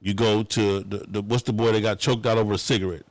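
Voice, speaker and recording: Loud profane Southern talk show host. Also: male voice, lowish voice, fast talker, no room sound. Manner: animated, profane, mock-pleading bits. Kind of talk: casual opinion talk show.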